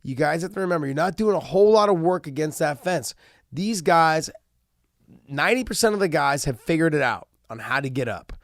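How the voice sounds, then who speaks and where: A man talking through fight analysis in a loose, rambling way, full of restarts and fillers. He is jet lagged and a little tired, and his voice sits fairly high for a man. The sound is dry and close, with no room around it. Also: expressive, a little fast, no echo. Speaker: host of fight analysis show. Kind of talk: casual commentary.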